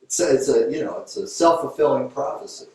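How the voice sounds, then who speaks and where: A man's voice: medium pitch, a little fast, a little mellow, distant mic. Man lecturing in a very echoey room. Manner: conversational, storytelling, fillers and restarts. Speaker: Thai yoga teacher. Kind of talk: informal lecture with a case story.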